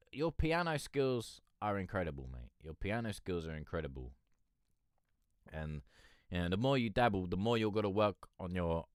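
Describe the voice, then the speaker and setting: A man's voice: low voice, clean tone, dry recording, studio quality. A man from near London, chatting casually on a live stream as a music reviewer. He rambles, swears and keeps calling people "mate". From England, near London.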